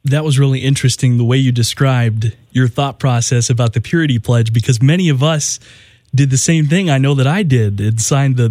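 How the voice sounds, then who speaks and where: A man with a dark, mellow tone hosts a radio interview in a dry, close studio sound. He asks measured questions and reads promos smoothly. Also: mid-range voice, dry recording. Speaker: radio host.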